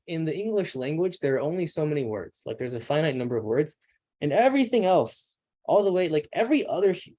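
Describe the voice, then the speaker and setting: A man's voice: mid-range voice, dark tone. A young man teaching a casual lecture, talking loosely with frequent fillers and restarts. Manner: loose, conversational, many "like"s and restarts. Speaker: instructor.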